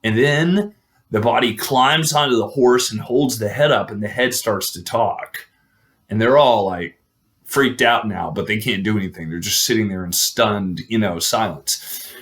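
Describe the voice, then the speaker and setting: A man's voice: fairly low pitch, measured pace, fairly bright tone. A man casually retelling an old legend, rambling with fillers and restarts.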